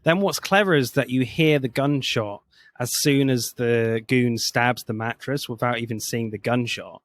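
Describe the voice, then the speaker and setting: A man on a film podcast who talks through scenes methodically, laying out how each moment builds. His voice sits at an average pitch for a man. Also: normal speed, no room sound. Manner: analytical, walks through scenes step by step. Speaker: podcast co-host. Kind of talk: casual film discussion.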